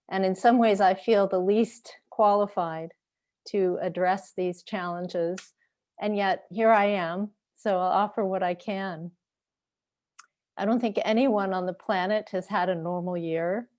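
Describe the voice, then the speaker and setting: A woman Buddhist teacher giving a slow, reflective dharma talk over an online video call, pausing often. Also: mid-range voice, darkish tone. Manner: slow, reflective, with pauses and fillers.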